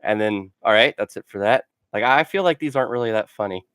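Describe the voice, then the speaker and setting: A man's voice: fairly low pitch, fast talker, fairly bright tone, clean tone, no room sound. Guy rambling through funny stories, tons of "like", dry close sound. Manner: rambling, full of "like" fillers; laughs at his own stories. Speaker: gaming channel host. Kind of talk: casual storytelling vlog.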